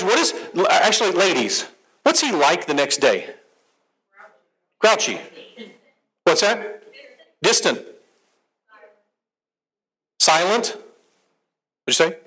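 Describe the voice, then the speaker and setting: A middle-aged man, a therapist and conference speaker, giving a conversational, animated talk on marriage to a live audience and asking them questions. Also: fairly high pitch, poor audio.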